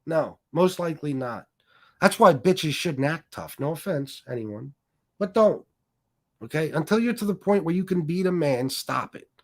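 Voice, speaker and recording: A man with a fairly high, expressive voice speaks at a normal pace. He's hosting a livestream, delivering a combative, heavily profane rant that taunts his critics.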